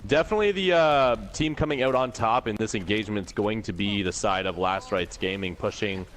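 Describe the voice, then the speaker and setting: A man from Canada commentating a live online game tournament with excited, filler-heavy play-by-play. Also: fairly low pitch, fairly quick. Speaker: esports co-commentator.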